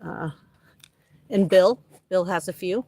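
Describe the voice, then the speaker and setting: A woman's voice: lowish voice, slow pace, a little mellow, no room sound. A woman livestreaming casual chat from her home garden, talking to her plants by name and filming on a handheld phone. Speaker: livestream host.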